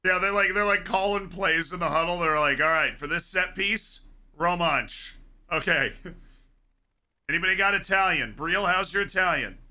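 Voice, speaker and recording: A young man with a very bright, forceful voice that sits a little high, chatting casually with his viewers during a live football match. He rambles between asides and bursts into excited yells at big moments. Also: moderate pace. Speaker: streamer watching a live match. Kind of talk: casual live reaction commentary.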